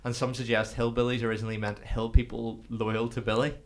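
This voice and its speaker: A man reading out search results on a podcast, haltingly and stumbling on words. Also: mid-range voice, flat delivery.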